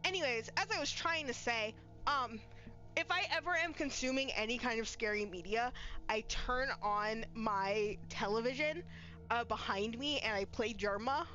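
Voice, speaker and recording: A woman with a high, bright voice streams a horror game from her bedroom. She chats along nervously and keeps breaking into scared squeals and shrieks. Soft music plays faintly behind her. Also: normal speed, lo-fi sound. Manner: jittery, scared, squealing outbursts. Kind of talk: live gameplay commentary. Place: home bedroom.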